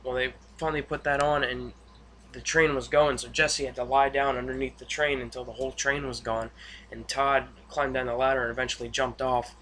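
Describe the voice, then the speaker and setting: A man giving a casual, rambling spoken recap of a TV episode, full of fillers and excited asides. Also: medium pitch, brisk. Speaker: TV episode reviewer.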